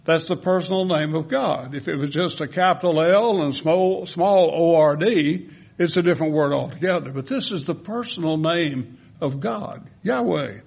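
A man's voice: on the high side, moderate pace, creaky, breathy edge. A man with a Southern US accent preaching a sermon, reading scripture aloud and stopping to explain word meanings. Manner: explains word meanings between verses, reads prayers with rising intensity. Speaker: pastor.

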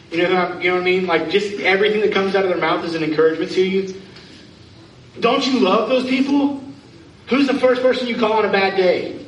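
Preacher guy talking to his church, mic kinda far, echoey hall, faint room hum. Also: sits high. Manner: conversational preaching with questions to the congregation. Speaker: pastor. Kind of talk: sermon. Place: church sanctuary.

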